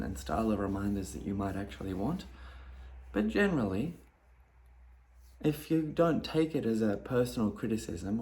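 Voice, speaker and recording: A man in a casual talk to camera, calmly explaining, with his voice jumping loud and high when he acts out his own replies. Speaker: video creator talking about ADHD.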